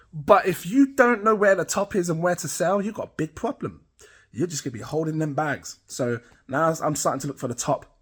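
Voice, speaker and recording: Brief: British man, middle-aged, higher-pitched, loose and rambling host to camera. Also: fairly bright tone, husky. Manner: rambling, chatty, laughs at himself. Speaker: crypto channel host. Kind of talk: casual talk to camera.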